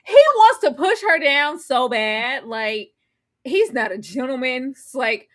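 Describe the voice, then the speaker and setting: A woman's voice: sits high, unhurried. A woman in casual reality TV recap chat, acting out quotes and laughing often. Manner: animated, acts out quotes with laughter. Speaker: guest co-host.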